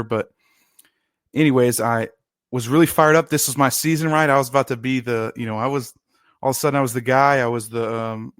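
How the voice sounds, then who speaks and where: A man in his thirties co-hosting a sports podcast, telling football stories in a casual, animated way and laughing often. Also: mid-range voice, no echo, studio quality. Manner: animated storyteller, shouts quoted lines, laughs often. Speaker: podcast co-host, former lineman. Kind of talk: casual storytelling chat.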